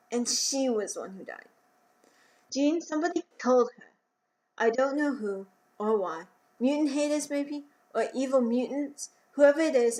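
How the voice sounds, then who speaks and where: A woman's voice: on the high side, natural voice. A woman voicing a male hero lieutenant who is grieving and brooding.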